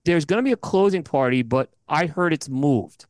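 A man's voice: a little high, lively intonation, moderate pace, darkish tone, dry recording. A man guest on a podcast, giving analytical commentary in casual chat, with many fillers and restarts. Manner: analytical, talks in numbered points with many fillers.

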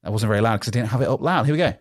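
A man's voice: mid-range voice, lively intonation, very fast, dry recording. A man hosting a solo podcast, talking upbeat and rambling into a studio podcast microphone. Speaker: podcast host.

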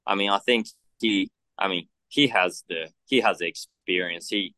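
A man's voice: sits low, normal speed, sharp tone, no echo. Japanese man with an Aussie twang. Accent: Japanese with Australian accent. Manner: rambling, lots of fillers and "you know". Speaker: motocross test rider. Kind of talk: casual interview chat.

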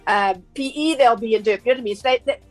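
Give me a chatty South African woman explaining consumer rights on the radio, her voice on the high side. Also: very fast, faint music behind, low-quality recording. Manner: chatty and explanatory, with frequent fillers and restarts. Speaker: consumer journalist on a radio show. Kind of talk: radio talk segment.

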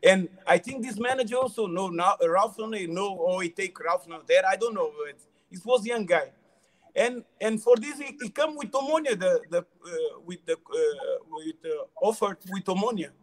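High-voiced man in halting English. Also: expressive. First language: not English. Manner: halting non-native English, repeats words, frequent laughs. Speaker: former footballer, interview guest. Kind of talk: casual storytelling interview.

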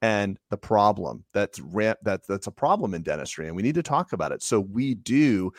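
A man's voice: lowish voice, very animated, moderate pace, no echo, studio quality. A man co-hosting a casual professional chat about dentistry, getting emphatic when he makes a point. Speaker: dental podcast co-host.

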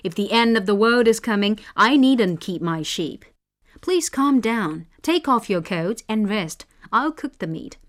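A woman's voice: medium pitch, animated, measured pace, lightly acted. A woman voicing a witty, sly male folk trickster in a storybook reading, with a raised, mock-innocent voice.

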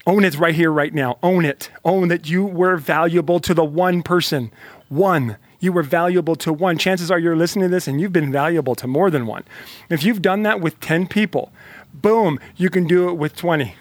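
Fired-up motivational man, higher voice. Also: moderate pace, no echo. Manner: emphatic, repetitive, fired-up; talks directly to the listener. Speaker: motivational speaker. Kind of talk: motivational monologue.

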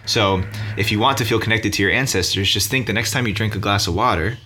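Low-voiced reflective podcast host man. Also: fast, slight background noise. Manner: relaxed, reflective, playful. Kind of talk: casual podcast conversation.

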